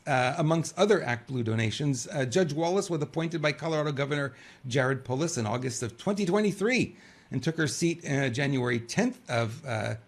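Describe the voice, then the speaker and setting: This middle-aged man from New York talks through the news as a show host in a loose, rambling monologue full of fillers. His voice sits a touch high for a man and carries a rough, gravelly edge. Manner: rambling and conversational, many fillers. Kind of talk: political commentary monologue.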